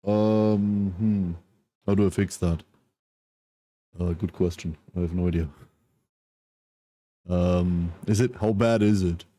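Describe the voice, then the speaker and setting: A man chatting casually on a livestream, groggy from a nap, speaking softly and apologetically as he greets viewers one by one. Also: low voice, fairly even intonation, takes it slowly, pauses often, dry recording. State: groggy, just woke from a nap. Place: at home, wrapped in a blanket.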